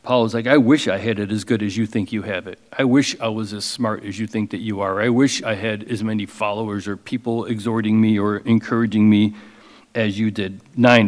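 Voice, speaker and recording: A man preaching as a pastor, reading scripture slowly with emphasis and then explaining it in a casual, conversational way. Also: on the low side, fairly even intonation, in a large hall. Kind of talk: expository sermon.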